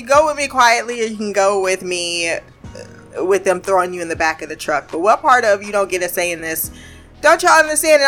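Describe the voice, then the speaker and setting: A woman casually recapping a TV episode, chatty and laughing, quoting characters in quick bits. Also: mid-range voice, bright, forceful tone. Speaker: show recapper.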